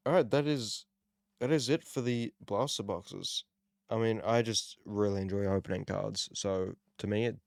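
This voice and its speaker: Young Australian guy, low and gravelly, laid-back self-deprecating chatter; dry, close recording. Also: dry recording. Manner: relaxed, rambling, self-deprecating. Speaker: card-opening channel host. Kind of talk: casual card-opening commentary.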